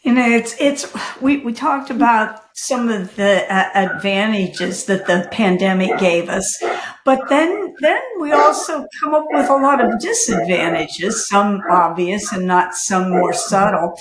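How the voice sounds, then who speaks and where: A woman co-hosting an interview podcast, making measured, thoughtful remarks in a casual chat. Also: medium pitch, over a noisy crowd. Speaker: podcast co-host. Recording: roomy, echoey sound.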